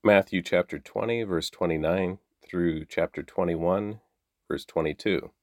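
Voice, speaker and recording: A man reading the daily Bible passages aloud in a measured, steady way. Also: sits low, dry recording, studio quality. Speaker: Bible reader.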